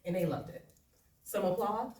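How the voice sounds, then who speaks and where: Woman performer, lively live storytelling with frequent laughs; echoey venue, distant mic. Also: on the low side, moderate pace, slight background noise. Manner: lively, laughing often, conversational. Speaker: performance poet. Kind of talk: live spoken-word storytelling.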